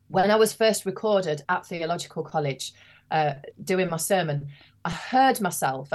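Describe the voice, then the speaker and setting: A woman priest with a regional English accent, speaking candidly and wryly about her experiences in an interview. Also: lowish voice. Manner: candid, wry reflection. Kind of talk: conversational interview.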